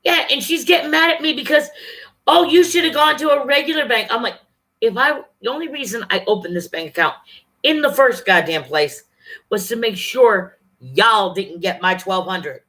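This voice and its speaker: A woman's voice: mid-range voice, lively intonation, sharp tone. A woman venting angrily and profanely on her vlog, talking straight to her viewers. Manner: angry, profane, fast-shifting rant. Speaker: vlogger.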